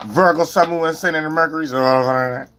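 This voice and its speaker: A man giving a rambling, profane livestream tarot reading, with sudden shouts and wild swings. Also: on the high side, fairly even intonation, moderate pace, background noise. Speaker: tarot reader.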